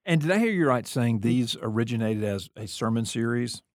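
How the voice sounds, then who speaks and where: Gravelly-voiced interview host. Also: male voice, mid-range voice, animated, fairly quick, a little mellow. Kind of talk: interview questions.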